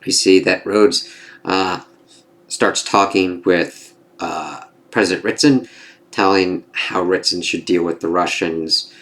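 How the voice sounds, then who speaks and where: A man's voice: low-pitched, fairly even intonation, slow pace, fairly bright tone. A man casually reviewing a TV episode, rambling and swearing, with lots of fillers and acted-out quotes.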